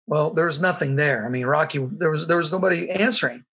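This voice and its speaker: A middle-aged man telling a personal story in an earnest, halting way, with frequent restarts. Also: a little high, fairly bright tone, husky. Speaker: guest sharing his testimony.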